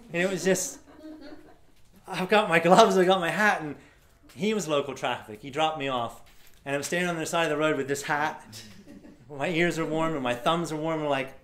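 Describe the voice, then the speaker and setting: In an event room before a live audience, a middle-aged man from Florida tells a story and acts out the voices of the people in it. His voice is fairly high, and he speaks briskly and with animation.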